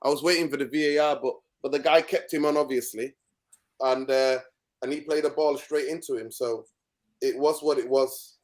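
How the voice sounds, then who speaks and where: A man giving a casual football rant as a guest, animated and exasperated. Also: medium pitch, moderate pace. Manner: ranting, animated. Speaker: guest pundit.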